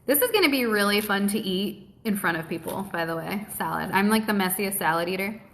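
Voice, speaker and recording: A woman's voice: medium pitch, expressive, fairly quick, gravelly, fairly bright tone, slight background noise. A woman hosting a live stream from home, chatting casually and cursing freely while she eats and answers viewer questions. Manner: blunt, cheerful and heavily profane; talks with her mouth full while eating. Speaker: host of a live keto Q&A stream.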